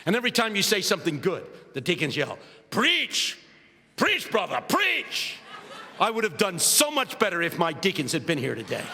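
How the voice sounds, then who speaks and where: A man from Philadelphia preaching a humorous storytelling sermon with animated comic delivery that builds into shouted preaching, in a large hall. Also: fairly high pitch, quick pace, creaky, few pauses, slight background noise. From United States, Philadelphia. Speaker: preacher and guest speaker. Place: large hall with a live audience. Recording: reverberant hall, faint ambience.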